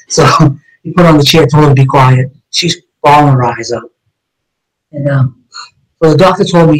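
A man's voice: mid-range voice, rough recording. Earnest man telling a personal story. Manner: earnest, acts out quoted dialogue in retelling. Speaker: interview guest.

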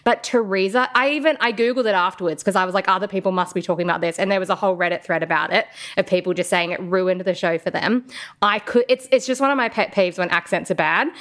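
A woman co-hosting a podcast, talking in a chatty, expressive way full of fillers. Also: mid-range voice, fast talker. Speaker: podcast co-host. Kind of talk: casual podcast chat.

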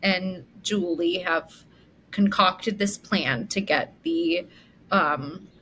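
A woman co-hosting a podcast in casual recap chat, animated and slipping into quick character voices. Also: fairly low pitch, a little hiss or hum, rough recording. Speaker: podcast co-host.

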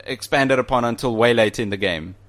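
A man's voice: mid-range voice, brisk, a bit bright. A man co-hosting a casual podcast, enthusiastic, often restarting his sentences. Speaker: podcast co-host. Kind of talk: casual chat.

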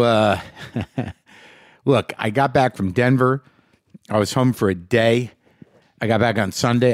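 A man's voice: mid-range voice, a little mellow, no room sound, clean studio sound. A man hosting a podcast in a rambling, profane monologue, punchy and short on sleep. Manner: rambling, rapid-fire questions, profane. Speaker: podcast host. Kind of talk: casual monologue.

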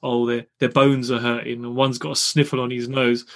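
A man's voice: mid-range voice, little pitch movement, normal speed, creaky, noisy background, pitched below the performer's own voice, close to an everyday voice. A man imitating a drunk, slacking builder with an offhand, carefree manner. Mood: excuse-making. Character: drunk slacking male builder, breezy and cheerful.

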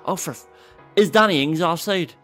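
A man's voice: high voice, normal speed, fairly bright tone, faint music behind. Sarcastic, exasperated male co-host. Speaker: podcast co-host. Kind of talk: casual football podcast chat.

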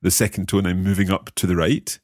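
A man co-hosting a language-lesson podcast, asking curious questions and slowly repeating phrases with a chuckle. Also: deep voice, level tone, a little mellow, no room sound, studio quality. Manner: curious, chuckling, slow careful repetition. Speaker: podcast co-host learning Mandarin. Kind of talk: casual language-lesson chat.

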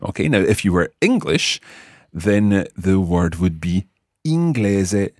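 A man's voice: deep voice, expressive, a little slow, no echo, clean studio sound. A Scottish man hosting a podcast language lesson, patiently explaining and repeating words for his co-host. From Scotland.

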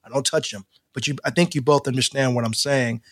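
A man co-hosting a podcast in casual chat, animated and rambling, with frequent laughs. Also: mid-range voice, a little fast, dry recording, clean studio sound. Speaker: podcast co-host.

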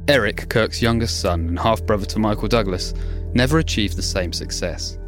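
A man hosting a podcast, reading a scripted narration in a measured way. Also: on the low side, music in the background. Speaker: podcast host.

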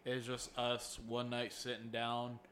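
A man's voice: mid-range voice, monotone, unhurried, a bit bright, a little hiss or hum. A man co-hosting a casual podcast with his sibling, mumbling his stories and trash-talking with heavy swearing. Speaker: podcast co-host. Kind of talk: casual chat.

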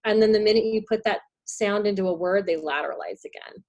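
A woman's voice: medium pitch, fairly even intonation, fast talker, hardly any pauses. A woman speech therapist talks through her favorite tip in a casual podcast chat. She sounds enthusiastic, with a mid-range voice, and she fills her explanation with ums and restarts. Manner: enthusiastic, explains with many fillers.

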